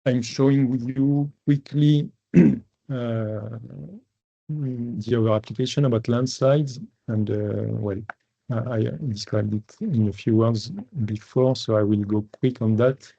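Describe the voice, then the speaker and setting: Guy presenting a webinar, gravelly dark voice, lots of uhs, dull dry call audio. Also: medium pitch, fairly even intonation, slow pace, dry recording. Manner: hesitant, many fillers and restarts. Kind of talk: technical webinar talk.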